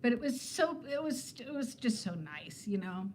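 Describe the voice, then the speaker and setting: A woman's voice: on the high side, big pitch swings, moderate pace, darkish tone, slight background noise. A woman in her fifties who is a weight-loss vlogger, chatting casually with viewers on a livestream in a rambling way and laughing often. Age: 50s.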